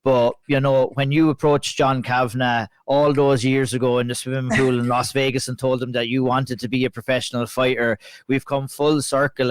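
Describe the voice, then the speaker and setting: A man's voice: medium pitch, clear, resonant tone, no room sound. An Irish man hosting a podcast, asking long, earnest, rambling questions. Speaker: podcast host. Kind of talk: interview.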